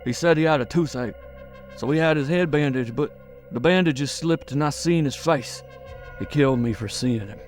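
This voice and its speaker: A man's voice: fairly high pitch, moderate pace, faint music behind, pitched above the performer's own voice, natural voice. A man voicing a terrified, mortally wounded man who gibbers and sobs as he pleads for help. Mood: sobbing mumble. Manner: gibbering, slobbering, yammering.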